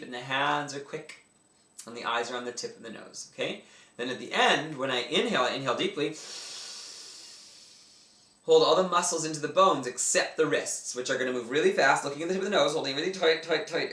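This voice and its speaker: A man's voice: medium pitch, pushed and bright. A man teaching yoga breathing exercises in a casual, enthusiastic way, talking through each movement as he does it. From Canada. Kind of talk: instructional talk. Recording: echoey room, mic at a distance.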